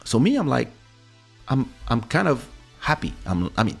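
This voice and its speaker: A man's voice: mid-range voice, very animated, moderate pace, gravelly, husky, soft background music. A man hosting a podcast, telling a story casually and acting out other people's lines with big jumps in his voice, on a studio mic. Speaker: podcast host.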